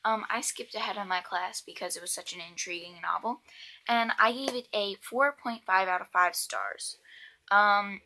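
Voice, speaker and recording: A thirteen-year-old girl chatting casually about books she read, rambling with frequent ums and quick asides. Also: medium pitch, sharp tone, slight background noise. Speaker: book vlogger. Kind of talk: casual book review vlog.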